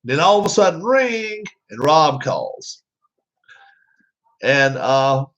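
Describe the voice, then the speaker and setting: A man's voice: a little high, sing-song, slow pace, pauses often, a bit bright. Rambling man chatting, lo-fi sound. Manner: rambling, with many fillers and restarts. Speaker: vlogger. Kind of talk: casual chat to viewers. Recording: dull lo-fi sound.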